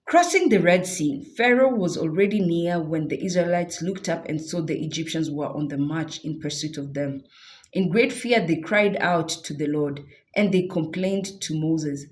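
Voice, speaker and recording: A woman reading scripture aloud with expressive delivery and casual asides of her own. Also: lowish voice, normal speed. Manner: expressive, animated, adds comments and affirming hums. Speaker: Bible reader.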